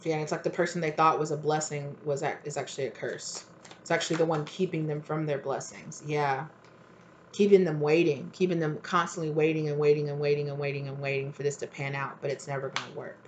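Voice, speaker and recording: Woman tarot reader, casual monologue, lower-pitched, loose and chatty, faint noise floor. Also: brisk. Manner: rambling, animated, swears freely, acts out quotes.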